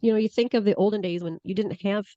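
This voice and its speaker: A woman with a slight Southern accent co-hosting a casual talk show, rambling and animated, laughing often. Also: mid-range voice, fast, no echo. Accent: Southern US tinge, Michigan. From Michigan. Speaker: podcast co-host. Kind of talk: casual chat. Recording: dull lo-fi sound.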